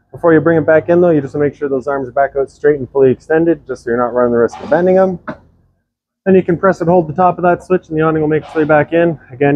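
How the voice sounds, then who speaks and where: Brisk man giving a trailer walkthrough. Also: medium pitch, lo-fi sound. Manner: brisk, practical, instructive. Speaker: RV sales walkthrough presenter. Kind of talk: casual product walkthrough. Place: outdoors and inside a travel trailer.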